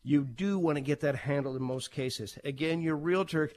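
A man's voice: on the high side, normal speed. A middle-aged man, a realtor, explaining the home-buying process in a plain, practical way. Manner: plain, practical, steady explaining with occasional fillers.

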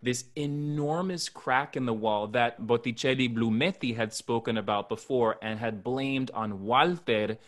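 A man of middle pitch co-hosting a casual podcast. He narrates film scenes playfully, acting out the characters and dropping in Spanish phrases. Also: measured pace, few pauses, a bit bright. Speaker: podcast co-host. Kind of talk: casual chat recapping a horror film.

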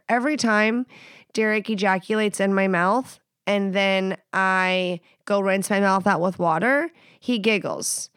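Young woman podcaster, blunt and cussing, super smooth clear voice, dry close mic. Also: mid-range voice, a bit bright, no room sound. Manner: blunt, profane, playful. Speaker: podcast host. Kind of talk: casual sex advice podcast.

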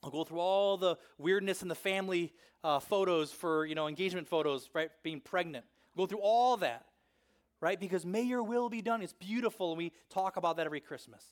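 A man preaching a sermon in a conversational way, peppering his points with "right?" and swinging between loud emphasis and hushed intensity. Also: high voice, fairly quick. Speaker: pastor.

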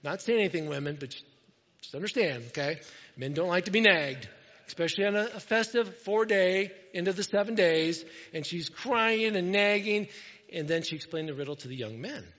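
A man preaching a sermon in an animated, joking way, with frequent asides to the congregation. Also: high-pitched, brisk, in a large hall, highs cut off. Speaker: pastor.

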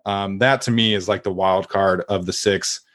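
A man's voice: low voice, steady tone, moderate pace, a bit bright. A man hosting a casual sports podcast, talking in a chatty way and laughing between points.

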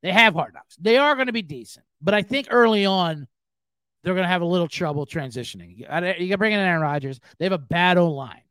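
Animated, profane man ranting on a podcast. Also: high voice, quick pace, clean tone, no room sound. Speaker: podcast host. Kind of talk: casual sports-betting podcast rant.

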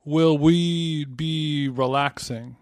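A man with a fairly high voice trades jokes with his co-host in loose podcast banter, often wandering off into long tangents. The sound is close and dry, with no room around it. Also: steady tone, very slow, no room sound. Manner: joking, rambling tangents. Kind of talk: casual banter.

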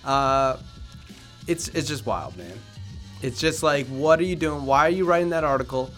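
A man's voice: medium pitch, moderate pace, soft background music. A young adult man co-hosting a sports podcast, ranting and teasing his co-hosts with swearing and laughter. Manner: animated, swearing, teasing rants. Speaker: podcast co-host. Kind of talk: casual sports chat.

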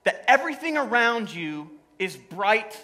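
A man's voice: high voice, sing-song, measured pace, sharp tone, rough recording. A man preaching a sermon to his congregation, telling stories in a humorous, conversational way. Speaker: pastor. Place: church service before a congregation.

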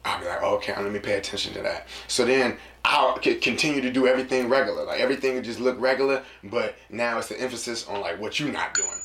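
Animated slangy man, echoey room. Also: fast talker, hardly any pauses. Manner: animated, slangy, acts out quotes in a lower voice. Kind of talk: casual monologue to listeners.

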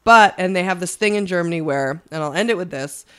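Low-voiced woman co-hosting a podcast. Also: a little fast, clear, resonant tone. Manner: joking, profane, reads facts aloud. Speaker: podcast co-host. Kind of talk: casual chat.

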